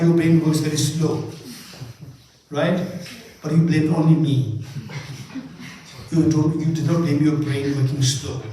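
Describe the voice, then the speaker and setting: A man's voice: a little high, mellow. A man leading a Buddhist retreat session, teaching with live exercises, playfully quizzing his audience and laughing often. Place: large echoing monastery hall. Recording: echoey hall from far off with faint noise.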